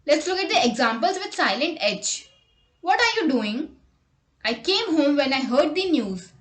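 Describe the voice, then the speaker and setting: A woman reading a scripted English vocabulary lesson, saying example words and sentences slowly and deliberately. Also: high-pitched, big pitch swings, roomy sound. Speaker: English teacher.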